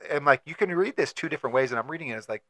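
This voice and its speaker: A man with a bright, forward voice co-hosts a casual movie podcast. He sounds amused and conversational and leans on filler words. The recording is dry and close. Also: on the high side, expressive, very fast, no echo. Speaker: podcast co-host. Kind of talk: casual movie-discussion chat.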